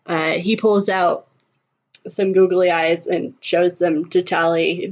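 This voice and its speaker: A woman's voice: lowish voice, little pitch movement, takes it slowly. A woman narrating her character in a casual tabletop roleplay, hesitant and full of fillers. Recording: dull lo-fi recording.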